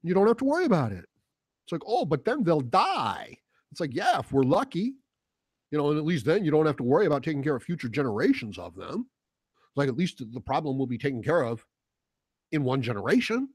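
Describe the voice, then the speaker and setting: A man delivers a heated political monologue in a fairly high voice that leaps around as he gets worked up. He swears and sneers as he mimics the people he is talking about. The recording is dry and close. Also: big pitch swings, quick pace, a little mellow, slightly rough, dry recording. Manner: heated, ranting, profane; mocking quoted voices. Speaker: political commentary host. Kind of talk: casual monologue.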